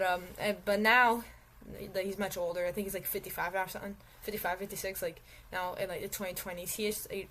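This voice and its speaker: A woman's voice: lowish voice, slight background noise. A woman hosting her own channel, talking in a casual, rambling way with many fillers and restarts. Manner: giggles often. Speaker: channel host.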